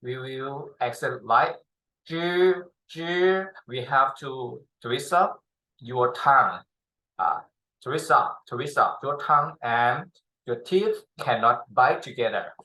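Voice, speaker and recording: A tutor drills pronunciation in a bright, forward voice, pacing each word very slowly. The English is halting and full of pauses, and each sound is modeled for learners to echo. The voice rings in an echoey room. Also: mid-range voice. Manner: models sounds, has learners repeat them. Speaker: Chinese tutor.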